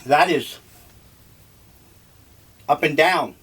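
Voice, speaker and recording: An older man talking over breakfast in a slow, musing, rambling monologue. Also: fairly high pitch, a bit bright, husky. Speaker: vlogger.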